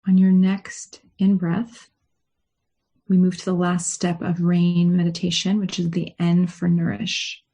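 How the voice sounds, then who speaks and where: A woman rabbi leading a guided meditation and teaching, with a gentle, unhurried guiding tone. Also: fairly low pitch, completely flat delivery, breathy edge. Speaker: rabbi leading a study session.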